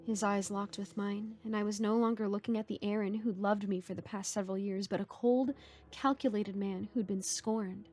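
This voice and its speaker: A woman narrating a horror story in a hushed, shaken first-person telling. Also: medium pitch, fairly even intonation, moderate pace, faint music behind.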